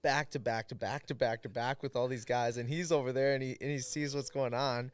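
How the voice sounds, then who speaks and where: A man with an American accent tells a story on a podcast, his voice smooth and resonant and the room around him dry. He talks casually with lots of fillers and acts out the people he quotes. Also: medium pitch, fairly even intonation, brisk, no room sound. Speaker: podcast guest, fighter.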